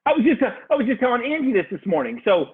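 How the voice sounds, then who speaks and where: An extremely high, husky voice races along as this man, a coach appearing as a guest on a casual podcast, tells animated stories and swears freely. The recording is dry, with a tinny, phone-like line.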